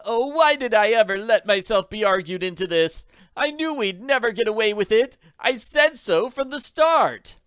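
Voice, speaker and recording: Man putting on a whiny scared crook, high and moaning, super lively pitch. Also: moderate pace, clean tone, no echo, studio quality. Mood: whining. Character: frightened whining male crook.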